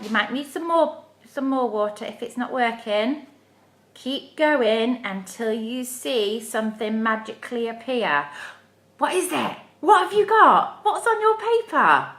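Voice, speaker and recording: A woman's voice: fairly high pitch, a bit bright, roomy sound. A woman leading a live craft playalong for young children, encouraging and sing-song. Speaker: children's activity leader. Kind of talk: live interactive kids' playalong. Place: home room, livestream.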